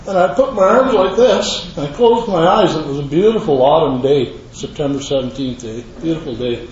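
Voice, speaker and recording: A man's voice: fairly high pitch, moderate pace, a little mellow. An older man tells his recovery story to a live audience in a rambling, earnest way with folksy asides. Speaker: recovery meeting speaker. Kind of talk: personal testimony to a live audience. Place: meeting room with an audience. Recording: echoey room, dull lo-fi sound, faint hiss.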